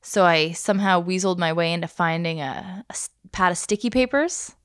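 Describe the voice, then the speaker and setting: A woman in her thirties co-hosts a podcast, telling stories casually and laughing easily. Her voice is fairly low, clear and resonant, and she speaks fairly quickly. The recording is clean studio sound with no room sound.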